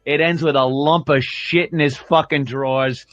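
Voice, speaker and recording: A man's voice: a little high, steady tone, normal speed, a bit bright, no room sound. A man hosting a radio show, telling crude, rambling stories in studio banter. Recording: dull lo-fi broadcast audio.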